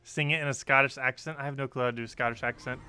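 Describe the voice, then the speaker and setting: A man's voice: medium pitch, fairly even intonation, very fast, bright, forceful tone, clear, resonant tone. A young man chatting casually on a game live stream, reading chat and laughing often.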